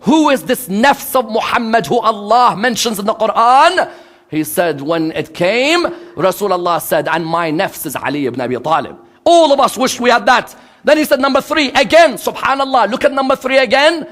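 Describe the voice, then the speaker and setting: With an extremely high pitch and lively intonation, a man gives a religious lecture at a normal speed. He throws rhetorical questions at the audience, acts out quoted lines, and shifts dramatically from loud to hushed delivery.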